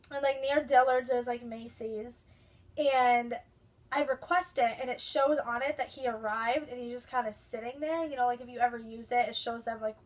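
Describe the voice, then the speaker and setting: A young woman vlogger telling an exasperated story, full of "like" fillers. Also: fairly high pitch. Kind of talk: casual rant to camera.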